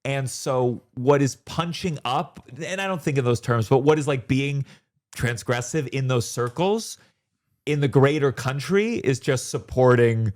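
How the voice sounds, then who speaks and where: A comedian chatting casually as a guest, animated and quick, with sudden rises in pitch when he makes a point. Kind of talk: casual conversation.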